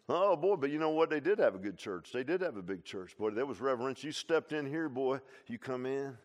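An older pastor preaching with folksy swings. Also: male voice, medium pitch, expressive, fairly quick, few pauses, fairly bright tone. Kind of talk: sermon.

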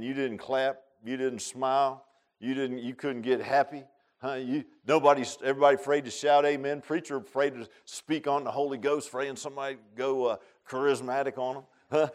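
A man preaching a sermon in a folksy way, swinging between quiet asides and loud exhortation. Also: on the high side. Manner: repeats "I'm gonna tell you what" and "man", asks "huh?".

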